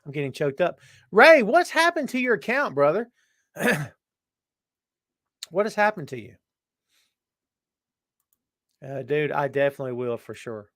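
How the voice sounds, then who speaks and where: With a sing-song delivery at normal speed and long pauses, a man reads his live chat aloud, greeting people by name as "brother" and "my friend." His casual show shifts between loud exclamations and low asides, recorded studio quality with no echo.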